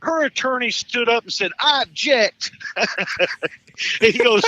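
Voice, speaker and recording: A man in his fifties, a caller on a live talk show, telling a profane, animated story with stumbling restarts and laughs. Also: very high-pitched, unhurried, no echo, muffled recording.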